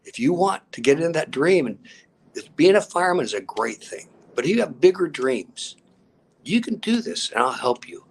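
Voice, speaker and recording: A man's voice: medium pitch, slightly rough. An older man, a grandfather and coach, telling stories in an interview with energy and acting out both sides of conversations. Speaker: guest, fitness coach. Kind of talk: animated storytelling in an interview.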